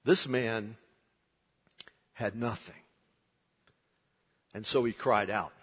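A man preaching a sermon as pastor, moving from hushed, slow lines to loud, dramatic outbursts. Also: on the low side, breathy edge. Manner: dramatic, swings from hushed to shouting. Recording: long hall reverb.

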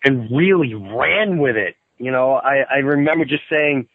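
Animated man on a thin phone-like line. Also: unhurried, no room sound. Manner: animated storyteller, acts out quotes in a high excited voice. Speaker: podcast host. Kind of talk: casual interview chat. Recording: thin phone-like sound, dry.

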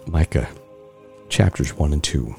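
A man hosting a scripture reading, reading in a measured, solemn way with rising emphasis and leading listeners in prayer. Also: very deep voice, animated, vocal fry, a little mellow. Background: faint music.

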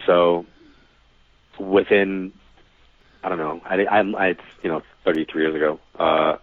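A psychic reader with a deep, slightly slow voice tells casual anecdotes in a storytelling interview, acting out the people he quotes and using plenty of fillers. The line sounds tinny and phone-like, with no room sound.

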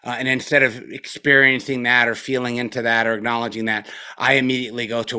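A man's voice: medium pitch, little pitch movement, quick pace, hardly any pauses, bright, forceful tone, smooth. A middle-aged man giving a casual dharma talk as a meditation teacher, loose and profane, with many fillers, a little spaced out after a retreat.

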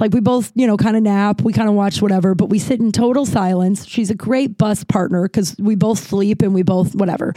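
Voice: mid-range voice, a little mellow, dry recording. A podcast host telling a travel story in a casual, rambling way, full of restarts and filler words, swearing freely.

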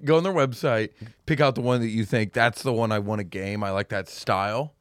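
A man's voice: fairly low pitch, fairly quick, clear, resonant tone, no room sound, clean studio sound. A young man co-hosting a podcast, easygoing in casual banter. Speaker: podcast co-host.

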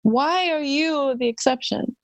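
A woman's voice: high voice, a little slow, no echo, dull audio. A woman guest on a podcast in casual chat, talking emphatically with incredulous outbursts.

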